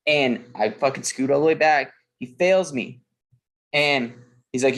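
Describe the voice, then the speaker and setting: A man chatting casually on a podcast, his voice sitting in an ordinary middle pitch. He tells stories in a loose, profane, rambling way, full of fillers and restarts. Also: moderate pace, fairly bright tone. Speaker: podcast co-host. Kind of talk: casual chat.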